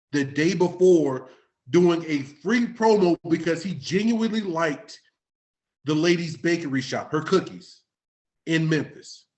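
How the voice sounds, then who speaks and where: A podcast host in his late thirties from Florida, his voice a touch high for a man. He talks loose and profane, a little tipsy, drifting between jokes and serious points. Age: late 30s. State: a bit intoxicated. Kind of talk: casual chat.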